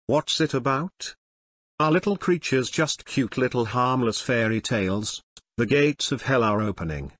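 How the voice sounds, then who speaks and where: A man's voice: mid-range voice, animated, normal speed, fairly bright tone, no room sound. A man's synthetic text-to-speech voice with a British accent, used by a podcast host to announce a video in a promotional way.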